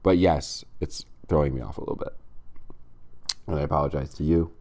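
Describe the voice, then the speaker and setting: A man co-hosting a comedy podcast, talking in a mock-serious, drawn-out deadpan. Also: extremely low pitch. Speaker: podcast co-host.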